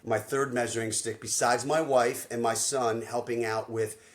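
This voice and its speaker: An energetic man coaching in casual conversation, full of slang and punchy delivery. He is a life coach and podcast host who tells stories with animated flair. His voice sits at an ordinary middle pitch. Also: normal speed. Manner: energetic, slangy, acts out quoted dialogue.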